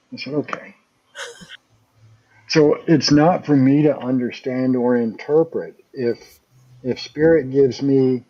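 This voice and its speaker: A man's voice: mid-range voice, breathy edge, muffled recording. A man guest on a paranormal talk show, casually telling rambling anecdotes and acting out what others said. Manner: rambling anecdotes, acts out quoted voices. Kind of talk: casual storytelling.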